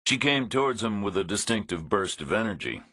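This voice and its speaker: A man narrating a thriller audiobook in a measured, understated reading. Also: lowish voice, sing-song, fairly bright tone, slightly rough, dry recording, studio quality.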